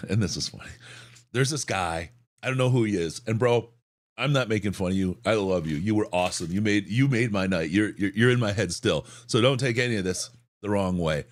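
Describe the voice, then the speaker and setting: A man co-hosting a sports podcast who tells an excited story in a hoarse voice, often repeating words. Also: lowish voice, fairly quick. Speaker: podcast co-host.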